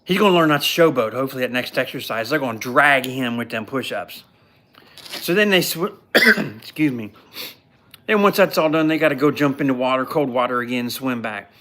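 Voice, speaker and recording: Male podcast host, blunt and mocking, animated casual storyteller. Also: medium pitch, moderate pace, slight background noise. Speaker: podcast host recapping a show. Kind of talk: casual live recap.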